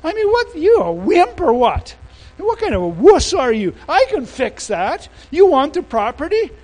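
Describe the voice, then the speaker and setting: A man's voice: very high voice, sing-song, a little slow, darkish tone, pitched above the performer's own voice, full character voice, rough recording. A man preaching who puts on the voice of a scornful, bossy queen who mocks her husband in slang. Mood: mocking. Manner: taunting, mocking slang.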